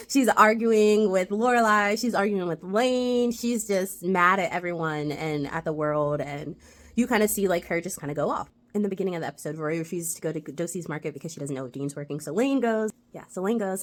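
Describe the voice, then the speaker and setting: A woman giving a casual, chatty recap of a TV episode, retelling it with lots of "like" fillers. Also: fairly low pitch. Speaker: TV rewatch reviewer.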